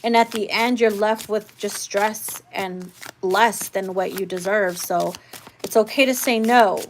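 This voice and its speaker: A woman's voice: medium pitch, steady tone, a little slow, slight background noise. A woman giving a casual live tarot reading, talking bluntly and swearing freely. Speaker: tarot reader.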